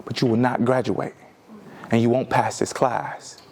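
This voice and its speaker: A man voicing a stern male college professor who talks down to a student in a slow, cutting way. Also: medium pitch, a little mellow, voice pushed down. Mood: contemptuous.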